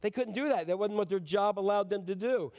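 A male pastor preaches a Christmas sermon with a notably high voice. His talk is loose and conversational, full of jokes and questions to the congregation. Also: a little fast, a little mellow. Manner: conversational and joking, asks the audience questions.

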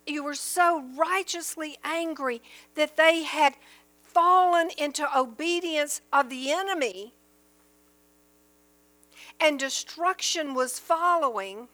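A woman's voice: high-pitched, takes it slowly, sharp tone. A woman teaching from the Bible in an earnest, emphatic sermon style, reading verses aloud and explaining them.

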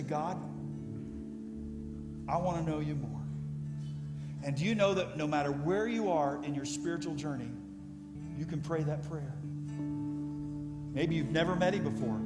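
Emotional middle-aged pastor in echoey hall. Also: male voice, fairly high pitch. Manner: emotional, storytelling with rising excitement. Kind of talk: sermon. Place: church sanctuary. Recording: echoey church hall with music. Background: soft guitar music.

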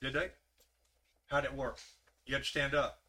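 A man's voice: mid-range voice, level tone, normal speed, pushed and bright. A man preaching an interactive sermon, putting repeated questions straight to his listeners. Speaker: preacher leading a Bible study.

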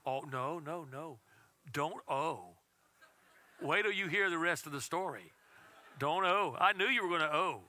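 A man preaching a sermon as pastor, telling a story in a conversational way and dropping to a soft, intense tone. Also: on the high side, normal speed, no echo.

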